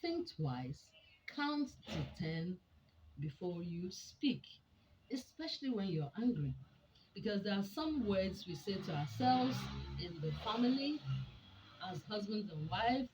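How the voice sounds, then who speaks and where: A woman giving a teaching talk to an audience, deliberate and emphatic, often asking rhetorical questions. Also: medium pitch, very animated, background noise. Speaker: speaker on a women's program.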